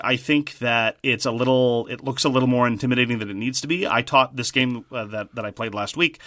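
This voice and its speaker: A man co-hosting a podcast, chatting casually about board games in a thoughtful, measured way with frequent restarts. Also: mid-range voice, sharp tone, no room sound, studio quality. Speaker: podcast co-host.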